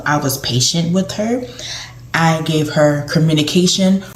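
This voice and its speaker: A woman's voice: lowish voice, a little mellow. A woman speaking to camera about caregiving, in a conversational way that often repeats and restarts phrases. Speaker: caregiver giving advice. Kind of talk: casual advice talk to camera. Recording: echoey room.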